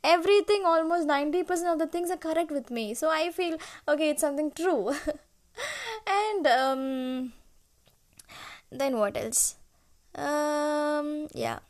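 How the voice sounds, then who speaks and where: High-voiced young woman rambling on a podcast. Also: slow, pauses often. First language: not English. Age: 20s. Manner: rambling, searching for words, frequent laughs and fillers. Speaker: podcast host. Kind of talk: unscripted solo podcast intro. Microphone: podcast app recording.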